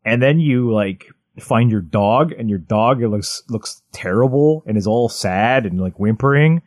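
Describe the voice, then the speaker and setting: A man in his thirties, co-hosting a podcast in casual chat, rambling excitedly with lots of "like" and restarts. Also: lowish voice, unhurried, dry recording. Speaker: podcast co-host.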